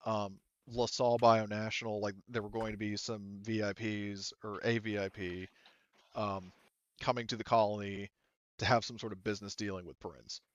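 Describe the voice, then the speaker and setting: Rambling low-voiced man as game master. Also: flat delivery, moderate pace, no echo, highs cut off. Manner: rambling, hesitant, many fillers. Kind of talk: narrating a tabletop game.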